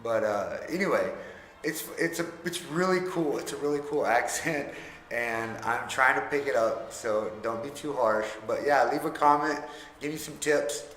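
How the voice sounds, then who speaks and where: A man chatting casually to camera as a vlogger, relaxed and self-deprecating. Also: mid-range voice, normal speed, slight background noise. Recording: echoey room with long reverb.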